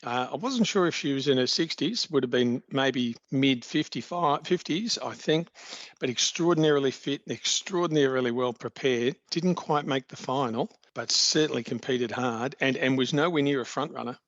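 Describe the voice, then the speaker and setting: A man, answering interview questions in a measured, informative way and praising the athletes. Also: mid-range voice, fairly bright tone, dry recording. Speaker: athletics league official guest. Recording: dry, dull-sounding podcast audio.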